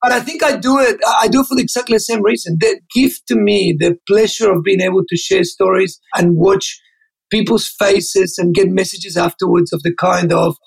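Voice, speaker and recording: Man, high gravelly voice, husky, quick storytelling, enthusiastic interview guest. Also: fairly even intonation, rough recording. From Australia. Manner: enthusiastic, fast, acts out dialogue. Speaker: interview guest, keynote speaker. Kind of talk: animated storytelling.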